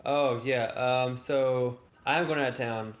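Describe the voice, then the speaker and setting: A man's voice: medium pitch, fairly even intonation, slow. A man co-hosting a casual reaction chat, laid-back, mostly chiming in with short replies. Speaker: channel co-host. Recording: echoey room.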